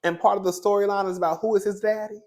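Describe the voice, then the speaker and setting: A man giving casual, sassy commentary on a reality TV episode, chatty and quick to laugh. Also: sits high, fairly even intonation, darkish tone. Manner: sassy, chatty, laughs often, calls viewers "girl" and "baby". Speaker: reality TV reviewer.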